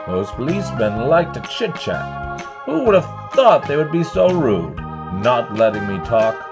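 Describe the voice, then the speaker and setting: A boastful, touchy supervillain voiced by a man in a game roleplay, talking with a gravelly, rough edge. His voice swings wildly up and down as he mocks and complains in a theatrical, sarcastic way. Clear music plays behind him. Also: medium pitch, big pitch swings, unhurried. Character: boastful, chatty male supervillain Bane, bossy and touchy. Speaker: roleplay host. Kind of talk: Minecraft roleplay voice acting.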